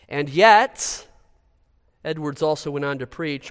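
A man's voice: a little high, unhurried, fairly bright tone. Emphatic male preacher in a reverberant church. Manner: emphatic preaching, rising to pressing rhetorical questions. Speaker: pastor. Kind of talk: sermon. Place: church sanctuary. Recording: long reverb of a church hall.

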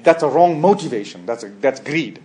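A man's voice: animated, normal speed. Emphatic preacher man with fluctuating delivery. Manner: emphatic, with sudden loud high bursts and trailing quiet endings; frequent restarts and repeated words. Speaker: pastor. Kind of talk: expository sermon.

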